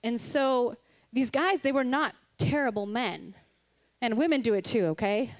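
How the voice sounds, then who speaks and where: A woman's voice: on the high side, unhurried. A woman giving a candid, conversational Christian sermon, earnest and personal, with laughs between her points. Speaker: Christian speaker.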